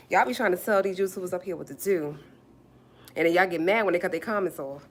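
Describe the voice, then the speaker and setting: A woman hosting a livestream, talking softly and repeating herself as she consoles viewers, then turning sassy while reading comments. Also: fairly low pitch, a little fast. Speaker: livestream host. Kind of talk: casual livestream talk to viewers.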